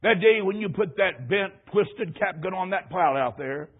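A man's voice: sits high, animated, moderate pace, slightly rough. A man preaching a sermon and telling a story from his childhood. He speaks with emphasis, repeats phrases and often calls his listeners "my friend". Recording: tinny, phone-like narrow sound.

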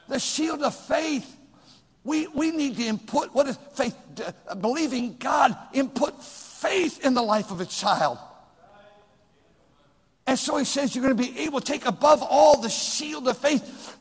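Man, pastor, high voice, lively sermon, loud to hushed, long hall reverb. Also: breathy edge. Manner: animated preaching, swings from loud shouts to hushed asides.

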